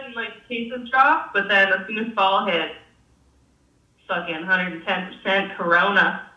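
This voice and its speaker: A young woman chats with a guest's easy frankness, swearing freely as she spins a lively story. Her voice is bright and forceful. It sounds distant and dull, in a roomy space. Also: medium pitch, moderate pace. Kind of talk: casual chat, storytelling.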